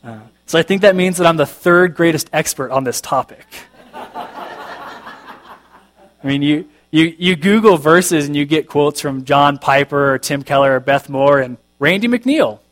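A man preaches to his congregation in a relaxed, conversational way, reading passages aloud and joking at his own expense. His voice sits a little higher than most men's. A faint electrical hum runs under the recording. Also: measured pace. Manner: conversational, self-deprecating humor, reads scripture aloud. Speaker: pastor. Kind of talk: sermon.

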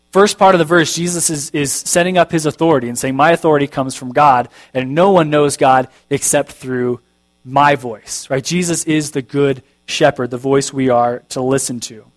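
Man, pastor, conversational sermon, somewhat high voice, faint mains hum. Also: normal speed. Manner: conversational, self-deprecating humor, reads scripture aloud.

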